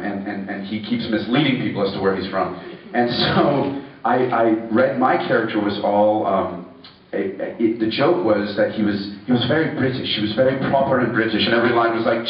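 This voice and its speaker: A man's voice: medium pitch, slight background noise. Thirties man, chatty and self-mocking with lots of restarts, miked from far off in a reverberant room. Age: 30s. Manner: rambling, self-deprecating, many fillers and restarts. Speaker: actor speaking at a campus election event. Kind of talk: casual anecdotal speech. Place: university ballroom. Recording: echoey ballroom from far off, dull.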